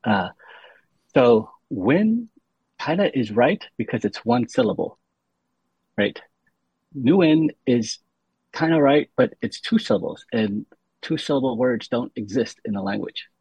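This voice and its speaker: A man's voice: mid-range voice, normal speed, a little mellow, slightly rough, dry recording. A man speaking as a guest on a podcast, explaining things patiently with many restarts, on a dull lo-fi recording. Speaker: podcast guest, university senior fellow. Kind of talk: casual interview talk.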